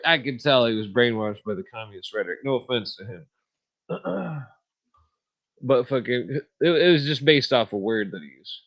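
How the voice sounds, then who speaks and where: A man's voice: medium pitch, fairly bright tone, low-quality recording. A man hosting a podcast, talking in a rambling, profane monologue and laughing at his own stories. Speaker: podcast host.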